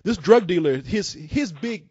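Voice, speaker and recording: High, lively husky-voiced man hosting. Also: measured pace, highs cut off, heavy background noise. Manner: excitable storyteller, acts out scenes with loud bursts. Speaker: call-in show host. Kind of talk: casual call-in chat.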